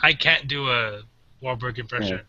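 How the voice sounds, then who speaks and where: A man's voice: medium pitch, normal speed, bright, forceful tone, lo-fi sound. A man co-hosting a casual podcast, laid-back and chuckling. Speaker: podcast co-host.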